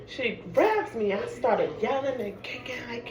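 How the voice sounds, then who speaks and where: A woman from Harlem, telling a personal story in a casual, animated way and peppering her talk with "like". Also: a little high, measured pace. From Harlem, New York. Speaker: storyteller vlogger. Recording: echoey room with background noise.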